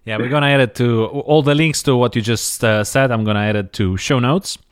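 A man's voice: medium pitch, smooth, dry recording, clean studio sound. Male podcast host. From Russia. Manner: friendly, chuckling, with quick fillers. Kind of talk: casual interview.

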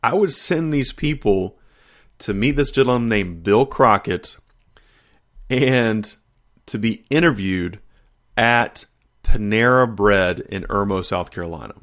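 Animated man telling a faith story. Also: fairly low pitch, slow. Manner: animated storytelling, laughing often. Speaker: podcast host. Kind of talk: faith testimony podcast.

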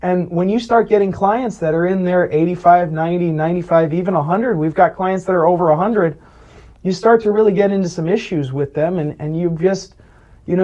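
A man's voice: sits high, dark tone, muffled recording. A man working as a Medicare planner, earnestly retelling client stories in an interview. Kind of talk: interview storytelling.

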